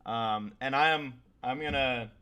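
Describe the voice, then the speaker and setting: A man's voice: mid-range voice, a little slow, pushed and bright, smooth. A man in his thirties hosting a podcast, chatting casually with lots of fillers and restarts. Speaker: podcast host.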